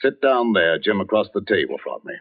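An actor playing a worried, dignified older village vicar in a 1940s radio drama. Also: male voice, on the low side, very animated, brisk. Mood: firm. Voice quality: earnest, fretful, dignified. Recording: dull old radio broadcast.

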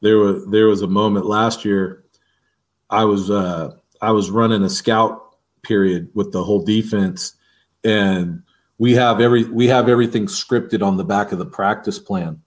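A man who coaches a defensive line, telling practice stories in an interview and acting out the lines he shouts at players. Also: lowish voice, normal speed. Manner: animated, acts out shouted quotes from practice. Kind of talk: interview storytelling.

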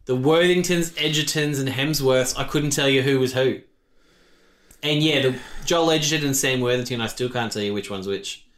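A man's voice: medium pitch, moderate pace, fairly bright tone. A man chatting casually as a podcast co-host, easygoing. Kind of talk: casual chat. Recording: echoey room.

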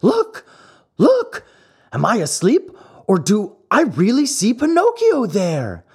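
Harlequin, a shrill yelling marionette. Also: male voice, wildly swooping pitch, slow pace, husky, full character voice. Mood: excited yelling. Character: excited male wooden marionette, shrill and wild.

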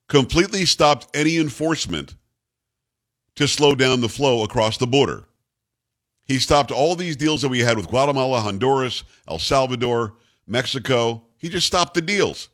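A man's voice: medium pitch, expressive, fairly quick, fairly bright tone. A man hosting a political talk radio show, sarcastic and mocking as he picks apart clips.

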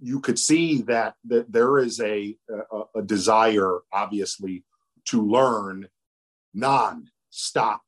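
A man speaking reflectively in a casual chat, pausing and restarting as he gathers his thoughts. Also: lowish voice. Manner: reflective, halting with fillers. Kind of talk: casual conversation.

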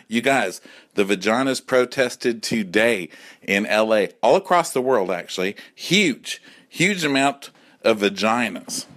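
A man's voice: on the low side, lively intonation, unhurried, a bit bright. Campy drunk man with a swooping voice. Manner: campy, sassy, acts out voices. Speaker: caller leaving a voice message. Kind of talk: comic rant.

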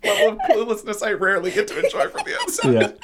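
A woman's voice: mid-range voice, wildly swooping pitch, fast, background noise. A woman at a tabletop game, giggling through joking commentary. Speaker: player. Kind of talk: casual tabletop chat.

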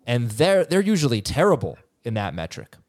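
Man, podcast co-host, casual sports chat, mid-pitched voice, brisk and teasing. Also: sing-song, a little mellow, dry recording, clean studio sound. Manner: brisk, teasing, frequent "uh" fillers. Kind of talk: casual fantasy football chat.

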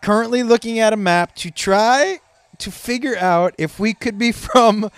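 A man hosting a comedy podcast, telling stories in a profane, animated way and laughing at his own jokes. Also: high voice, a little slow, clean tone, no room sound. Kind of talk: casual comedic monologue. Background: faint rock music playing.

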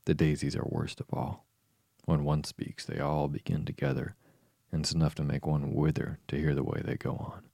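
A man's voice: a bass voice, little pitch movement, normal speed, vocal fry, dark tone, no room sound, clean studio sound, heavily acted. A man voicing a proud, bossy talking tiger lily that scolds the other flowers. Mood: haughty. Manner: haughty and scolding.

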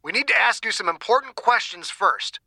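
A man's voice: high-pitched, lively intonation, moderate pace, gravelly, bright, forceful tone, no echo, pitched above the performer's own voice, heavily acted. A man voicing a blunt, cold male doctor.

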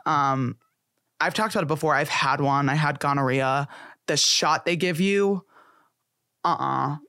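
Candid young man, fairly high voice. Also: unhurried, pushed and bright, clean tone, no room sound, studio quality. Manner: candid, chatty, dotted with "like". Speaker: podcast host. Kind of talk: casual chat.

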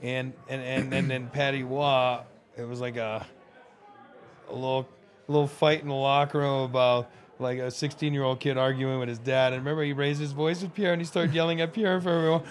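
A man recalling a team trip in a relaxed, rambling conversational way. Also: mid-range voice, a little fast. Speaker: former hockey player, guest. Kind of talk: casual chat.

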